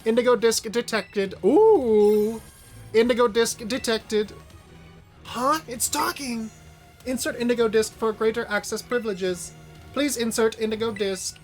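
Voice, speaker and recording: A man's voice: very high-pitched, measured pace. A chirpy game computer, voiced by a male streamer, clipped and mechanical as it barks its prompts. Faint music plays under it. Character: chirpy gate computer that demands a disc.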